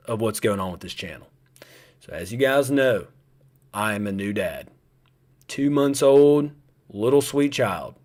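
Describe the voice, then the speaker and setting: A young man hosts a live stream, his voice sitting at an ordinary middle pitch. He chats casually and rambles a little, speaking directly to his viewers. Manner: chatty, rambling, talks straight to viewers. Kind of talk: casual chat to a live audience.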